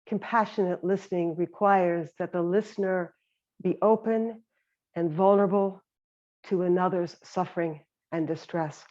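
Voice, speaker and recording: A woman meditation teacher giving a gentle, reflective talk on compassionate listening. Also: on the low side, steady tone, moderate pace. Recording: slightly dull lo-fi sound.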